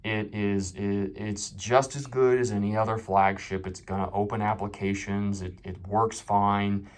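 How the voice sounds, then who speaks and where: A man's voice: fairly low pitch, level tone, unhurried. A man hosting his own tech channel, giving a candid, unscripted phone review with a self-deprecating, off-the-cuff manner.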